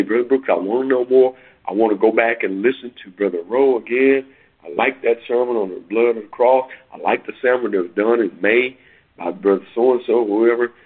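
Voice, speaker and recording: A man's voice: fairly low pitch, husky. A man preaching and announcing upcoming sermons, then leading a prayer, heard over a phone call. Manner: preacherly, emphatic with drawn-out words. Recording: tinny phone line.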